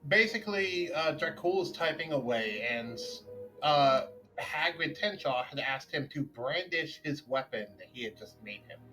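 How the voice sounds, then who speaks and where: A man running a tabletop game over voice chat, chatty and quick to laugh. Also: fairly high pitch, animated, pushed and bright, faint music behind, low-quality recording. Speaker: game master.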